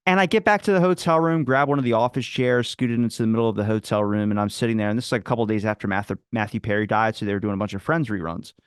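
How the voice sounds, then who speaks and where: A man's voice: on the low side, fairly even intonation, racing, few pauses, smooth, no echo, studio quality. A man telling a rambling, casual story as a podcast guest, with plenty of fillers and acted-out quotes. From Philadelphia area. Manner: rambling anecdotes, acts out quoted people.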